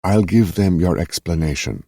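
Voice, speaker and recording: A man's voice: deep voice, lively intonation, normal speed, mellow, slightly rough, no echo, studio quality, heavily acted. A man doing a stiff young enemy interrogator, raised voice. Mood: controlled.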